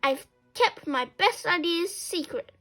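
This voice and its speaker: A woman's voice: very high voice, expressive, slow, pushed and bright, soft background music, pitched above the performer's own voice, exaggerated voice. A woman reading a story aloud and voicing a whiny, sulky schoolgirl who howls and sobs. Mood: whiny, upset. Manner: whiny, howling.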